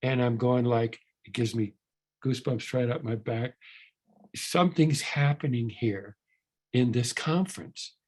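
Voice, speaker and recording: A man's voice: medium pitch, a little slow, darkish tone, slightly rough. An older man speaking at a recovery workshop, telling a story in a rambling, earnest way with many restarts and repeated words.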